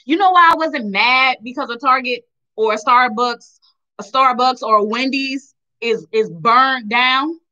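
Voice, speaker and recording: A woman's voice: high-pitched, unhurried, sharp tone, highs cut off. A young woman from Tennessee giving impassioned commentary, emphatic and repeating phrases for stress. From Chattanooga, Tennessee. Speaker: vlogger.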